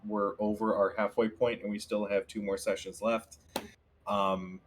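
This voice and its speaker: A man's voice: lowish voice, a little hiss or hum. A man running a live-streamed charity tabletop game, talking in a loose, laughing way and swearing casually. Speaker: game master.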